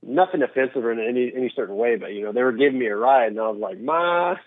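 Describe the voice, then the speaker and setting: A man's voice: medium pitch, fast, no echo. A man calling in to a show, rambling casually and acting out voices in his stories. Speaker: caller. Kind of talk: casual call-in chat. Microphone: phone line. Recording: tinny phone line.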